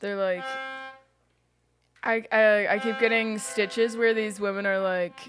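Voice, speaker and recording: A woman co-hosting an improv comedy stream, chatting in a giggly, animated, jokey way. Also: medium pitch, unhurried, over music. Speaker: improv performer and co-host. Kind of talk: casual live-stream chat.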